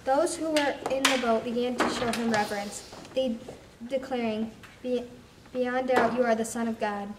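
A woman narrates a scripture passage for a church skit. She reads aloud and sometimes stumbles and restarts. Her fairly high voice comes from a distance in an echoey hall with clear background noise. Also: steady tone, moderate pace.

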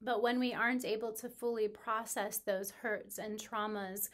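A woman who works as a spiritual teacher recounts a myth in calm, measured storytelling. She slows and softens on solemn phrases. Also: mid-range voice.

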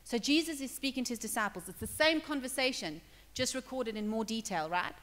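A woman's voice: fairly high pitch, lively intonation, brisk, fairly bright tone. A woman pastor preaching a sermon in a conversational way, acting out dialogue and checking in with her listeners. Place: church hall. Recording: long reverb in a church hall.

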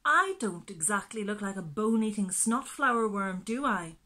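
A woman's voice: medium pitch, animated, moderate pace, bright, forceful tone. A woman voicing a self-pitying worm in a children's story, wry and rhetorical.

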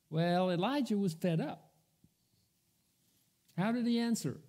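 A man's voice: sits high, animated, a little slow, long pauses, mellow. A man preaching a sermon, telling the story in a storytelling manner, acting out the quoted voices and dropping almost to a whisper for emphasis. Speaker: pastor. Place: church.

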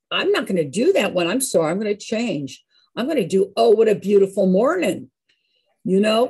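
A woman's voice: mid-range voice, darkish tone, breathy edge. A woman leading a live singing and movement class, upbeat and coaxing as she calls on people by name.

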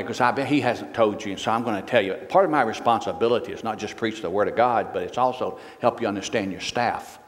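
A man's voice: quick pace, few pauses, slight background noise. A man preaching as a guest in a church, folksy and joking, who lifts his voice to read scripture. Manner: folksy and joking, reads scripture louder and higher. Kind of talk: sermon. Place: church sanctuary. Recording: long church reverb.

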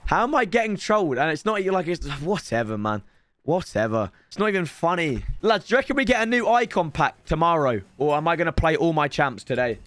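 A hoarse man with a British accent, commentating on a live stream as he opens packs, excitable and breaking into shouts at big reveals. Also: on the high side, quick pace, hardly any pauses, no room sound, clean studio sound.

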